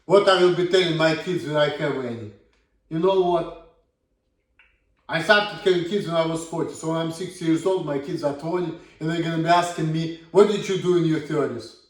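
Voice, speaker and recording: The echoey, far-off recording catches a man in his thirties with a Russian accent venting in a blunt, casual monologue full of swearing. He's a vlogger whose voice leans high and whose pace is brisk.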